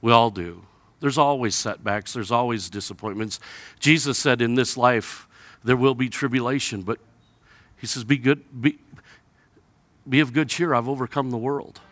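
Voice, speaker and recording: A male pastor preaching a sermon, animated and acting out the people in the stories with sarcasm, then dropping low and quiet to read scripture. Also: moderate pace, dry recording. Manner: animated, acts out biblical characters with sarcasm.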